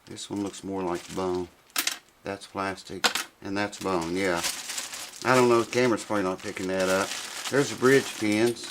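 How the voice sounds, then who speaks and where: A man's voice: low-pitched, fairly even intonation, moderate pace, background noise. Folksy man rambling in his workshop. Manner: rambling, folksy, thinks aloud with restarts. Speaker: guitar repair vlogger. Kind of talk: casual unboxing chat.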